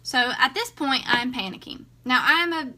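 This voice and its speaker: A woman's voice: high voice, moderate pace, slight background noise. A woman, a vlogger telling a story casually to her viewers and acting out the dialogue. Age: 20s. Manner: chatty, animated, acts out dialogue.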